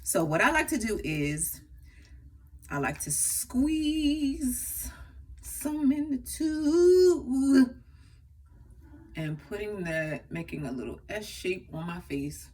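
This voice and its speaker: Woman makeup artist, chatty tutorial delivery, husky lower voice that swings up and down, mic a little distant. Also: expressive, slow pace, long pauses, a little mellow. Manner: chatty, laughs often, talks while applying makeup.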